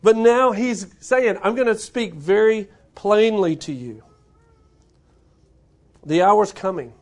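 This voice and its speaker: A man's voice: high-pitched, animated, slow pace, darkish tone. A pastor preaching a sermon, reading scripture and then explaining it earnestly, often repeating his words.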